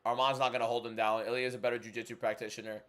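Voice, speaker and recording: A young man hosting a fight-night watchalong stream from home, reading viewer questions and giving frank, quick opinions in casual chat. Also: mid-range voice, little pitch movement, a bit bright. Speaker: livestream host.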